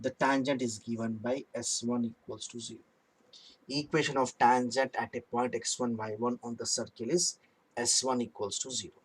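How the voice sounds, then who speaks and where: A man's voice: medium pitch, poor audio. A man teaching a math lesson, working through sums aloud step by step and repeating key phrases.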